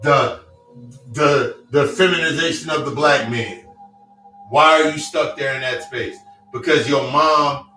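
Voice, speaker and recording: A man's voice: fairly high pitch, a little slow, pushed and bright. A man giving a blunt, profane motivational monologue, hammering his points with repeated phrases. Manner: blunt, profane, repetitive preaching cadence. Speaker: self-help speaker. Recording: echoey room, distant mic, faint music.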